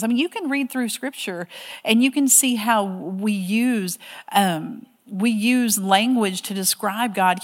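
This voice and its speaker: A woman teaching a Bible study class in a chatty, animated way with self-deprecating asides. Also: medium pitch, in a large hall.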